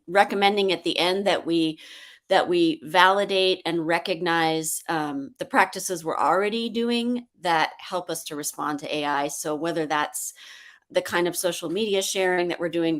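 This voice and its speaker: A woman speaking as a panelist in a webinar discussion over a video call, thoughtful and measured, pausing with frequent ums. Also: fairly low pitch.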